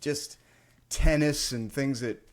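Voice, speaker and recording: A man's voice: mid-range voice, steady tone, a loud crowd. Jokey male podcast host. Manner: jokey, playful, with quick asides. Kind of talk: casual chat. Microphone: video call.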